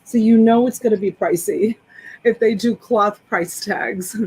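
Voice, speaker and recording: A woman's voice: mid-range voice, measured pace, darkish tone, slightly rough, low-quality recording. A woman hosting a live selling stream, chatting enthusiastically as she describes each clothing item. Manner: enthusiastic, rambling product descriptions. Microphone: desktop USB microphone.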